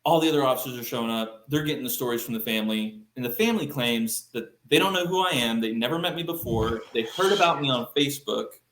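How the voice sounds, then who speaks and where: A man from Texas tells a story as a podcast guest, loose and animated, leaning on fillers as he acts out what people said. His voice sits at a middle pitch for a man. The room around him is noticeably echoey. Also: fast, few pauses, a little hiss or hum. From Texas, United States. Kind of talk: casual storytelling. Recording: roomy echo.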